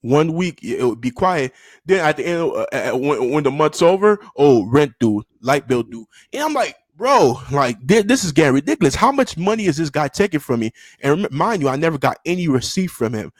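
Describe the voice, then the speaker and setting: A young man telling a story to camera in a loose, slangy way, full of fillers and restarts, and breaking into high-pitched yelps when he acts out quotes. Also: animated, fairly quick, no room sound. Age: young adult. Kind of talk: casual storytime.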